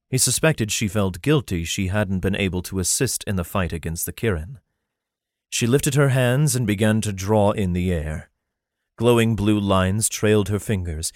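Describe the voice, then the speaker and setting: A man narrating a fantasy novel in a steady, even storytelling manner. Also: on the low side, no echo, clean studio sound. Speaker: audiobook narrator.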